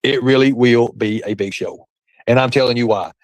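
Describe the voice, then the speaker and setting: A man's voice: mid-range voice, fairly even intonation, moderate pace, no echo, rough recording. A man hosting a casual livestream chat in a hyped showman way, swearing freely as he talks with a guest. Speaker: livestream host.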